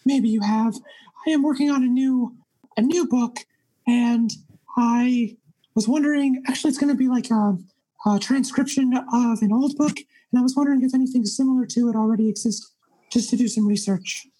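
A man's voice: extremely high pitch, normal speed, warm tone, low-quality recording. A man voicing a small, pompous, very old author who stammers and pushes. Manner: pretentious, pushy, stammering. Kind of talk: tabletop role-play.

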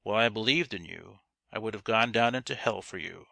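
A man voicing a stern, resolute young gentleman in a storybook reading. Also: fairly low pitch, brisk, creaky, dry recording. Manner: stern, firm.

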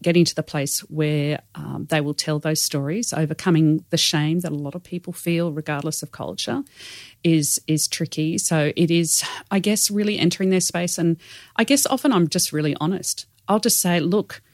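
An Australian woman talks candidly as an interview guest about her church work. She is earnest and self-deprecating, with lots of fillers. Her voice sits fairly low and the sound is dry and close. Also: fairly even intonation, normal speed, no room sound. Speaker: guest, church women's leader.

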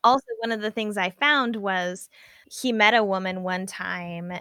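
A woman co-hosting a podcast in casual chat, animated, reading out news quotes. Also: medium pitch, a little slow, smooth, dry recording, studio quality. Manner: animated, reads quotes from newspaper articles. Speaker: podcast co-host.

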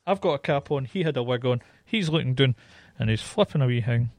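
A Scottish man telling a story in a casual chat, animated and swearing heavily. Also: medium pitch, brisk, no room sound.

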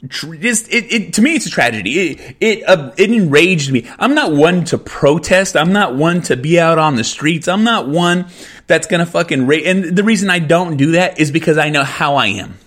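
Heated male podcast host, profane and emphatic, higher-pitched voice. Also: animated, normal speed, a bit bright. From California. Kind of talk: angry podcast rant.

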